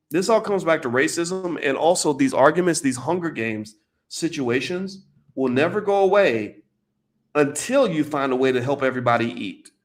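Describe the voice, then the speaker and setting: Reacting to a video, an American man comments casually in a voice that sits a little high. He's animated and emphatic, throwing out rhetorical questions and going over his points again.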